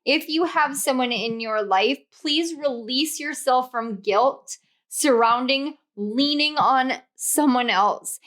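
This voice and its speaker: A woman's voice: sits high, slow pace, a bit bright. A young woman giving a casual tarot reading, emotional and gushing, laughing often as she goes. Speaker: tarot reader.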